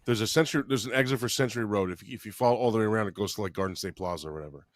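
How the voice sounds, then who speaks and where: A man, co-hosting a comedy podcast and telling a story in an animated way, swearing freely. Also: lowish voice, very fast, no echo. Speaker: podcast co-host.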